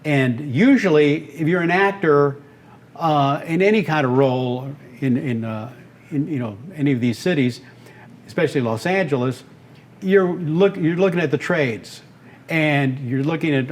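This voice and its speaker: A man in his seventies from Texas, an animated storyteller and voice actor being interviewed on a podcast. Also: a little high, moderate pace. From Texas, United States. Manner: animated, breaks into character voices. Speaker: guest, voice actor and radio host.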